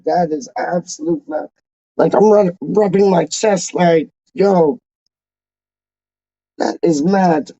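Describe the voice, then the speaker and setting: A man's voice: high voice, lively intonation, slow, gravelly, long pauses, dark tone, no room sound, muffled recording. A man hosting a fan channel, talking in a casual, slangy and emotional way with many repeated exclamations.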